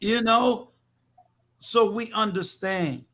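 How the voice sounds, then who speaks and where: Slow, high-voiced older man from New York. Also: a bit bright. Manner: emphatic, preachy, repeats words. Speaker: livestream host. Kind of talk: casual livestream talk.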